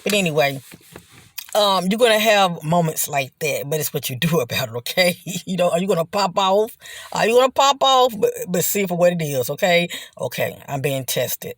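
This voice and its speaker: A speaker giving a casual motivational talk, loose and conversational, often checking in with "okay?" and "you know", slowing and softening on reflective points. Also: medium pitch, expressive, no echo, clean studio sound. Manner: slows down and drops soft on reflective points. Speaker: vlogger sharing personal testimony.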